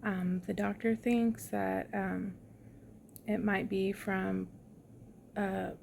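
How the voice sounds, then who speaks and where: Young woman filming from her hospital bed, flat gravelly voice, tired and a bit grouchy, lots of ums, faint hum behind her. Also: medium pitch, slow. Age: young adult. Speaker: vlogger. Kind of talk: casual hospital update vlog. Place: hospital room.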